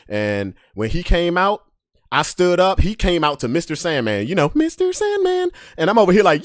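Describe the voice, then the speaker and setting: A podcast host telling a story with great energy, his voice leaping up and down as he acts out the people in it. He drops to hushed asides, then jumps up to yelling. The sound is dry and close. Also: fairly high pitch, wildly swooping pitch, moderate pace, dry recording.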